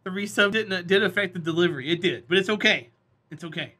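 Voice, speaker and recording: A man with a high, very bright, sharp voice chats casually with his stream viewers. He jokes and teases, and laughter keeps breaking into his talk. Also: fast talker, husky. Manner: joking, teasing, laughs often. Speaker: live streamer.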